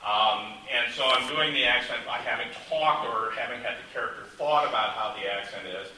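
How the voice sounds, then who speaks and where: A man's voice: medium pitch, fairly quick, pushed and bright. A male author in a casual panel chat, rambling and self-deprecating, with many restarts. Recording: echoey room, distant mic, faint hiss.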